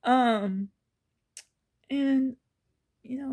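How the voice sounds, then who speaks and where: A woman's voice: a little high, fairly even intonation, unhurried, creaky, dark tone, slightly rough. A woman vlogger telling personal stories in an earnest, emotional way, often dropping to a whisper. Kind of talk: casual personal storytelling.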